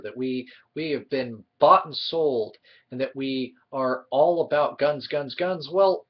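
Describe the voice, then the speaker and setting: A man ranting in a heated, sarcastic way as a vlogger giving his opinions. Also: mid-range voice. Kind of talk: opinionated commentary. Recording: dull lo-fi recording.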